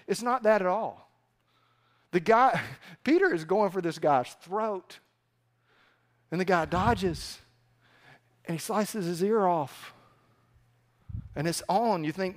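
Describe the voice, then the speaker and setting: A male pastor preaching a sermon in an animated, conversational storytelling manner. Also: high-pitched, slow pace, long pauses.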